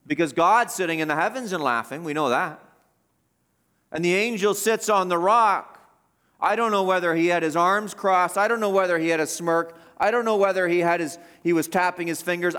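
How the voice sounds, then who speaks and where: A man preaching a sermon, swinging between loud emphatic bursts and hushed passages, and asking his listeners questions. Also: high voice.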